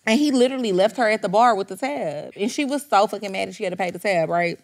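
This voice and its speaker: A young adult woman, co-hosting a podcast and telling stories in a casual, animated way. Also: mid-range voice, fast talker. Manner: animated storyteller, acts out voices in quotes. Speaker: podcast co-host. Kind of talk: casual chat, storytelling.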